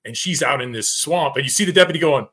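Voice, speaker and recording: A man who worked in law enforcement, talking on a panel show and telling a story with lively acted-out quotes. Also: on the high side, fast talker. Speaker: retired police officer panelist. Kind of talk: casual roundtable discussion.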